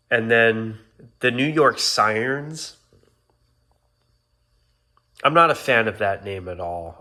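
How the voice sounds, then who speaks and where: Bright-voiced man ranting on a vlog. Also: fairly low pitch. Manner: exasperated ranting, repeated apologies. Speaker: YouTuber. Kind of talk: casual vlog rant.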